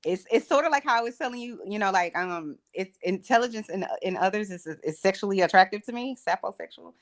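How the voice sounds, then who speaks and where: A woman hosting a live-streamed casual chat, talking in an expressive, teasing way. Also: medium pitch, fast. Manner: animated, expressive, sings and teases. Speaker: host.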